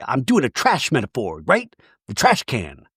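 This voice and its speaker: A man's voice: mid-range voice, moderate pace, breathy edge, dry recording, studio quality. A man hosting a podcast, recapping a reality show in a casual, comic way and acting out the cast's lines. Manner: animated, quotes cast members in exaggerated voices, swears.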